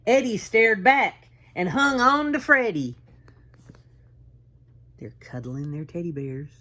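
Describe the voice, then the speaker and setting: A woman's voice: medium pitch, slow pace. A woman kindergarten teacher, reading a picture book aloud and talking directly to young children. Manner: warm, animated, talks directly to kids. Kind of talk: storybook read-aloud for children.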